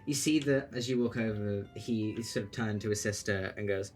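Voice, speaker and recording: A man's voice: fairly low pitch, moderate pace, hardly any pauses, darkish tone, soft background music. A man running a tabletop game as game master, narrating loosely with lots of "like" and "sort of".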